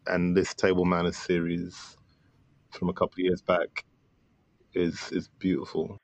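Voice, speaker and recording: A man's voice: low voice, completely flat delivery, unhurried, dry recording. A man guest on a podcast, talking casually and enthusiastically with many fillers about his film. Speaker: filmmaker guest.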